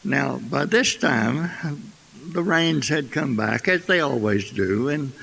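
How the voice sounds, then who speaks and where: A man's voice: mid-range voice, expressive, slow, creaky, a bit bright, husky. A man telling a folktale in tandem with a partner at a storytelling festival, in a folksy, chuckling way. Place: festival stage. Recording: echoey hall, faint hiss.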